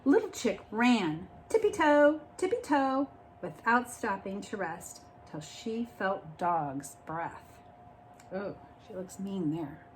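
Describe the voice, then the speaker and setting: A woman reading a picture book aloud like a teacher, expressive and pausing to explain the story. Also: mid-range voice, a little hiss or hum.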